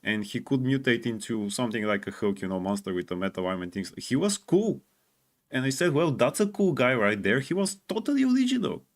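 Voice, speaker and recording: A man's voice: mid-range voice, big pitch swings, a little fast. Agreeable male co-host, hesitant. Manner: agreeable, hesitant restarts, frequent "yeah". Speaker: podcast co-host. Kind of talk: casual chat.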